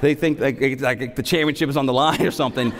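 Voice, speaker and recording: In a church sanctuary with long, echoing reverb, a man in his thirties delivers an animated sermon. He talks fast in a mid-range voice, repeating key phrases to hammer them home between funny anecdotes.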